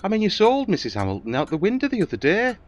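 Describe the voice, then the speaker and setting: A man's voice: high-pitched, huge pitch swings. A man with a Northern English accent, teasing and quizzing a storyteller in comic banter. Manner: teasing, quick with questions.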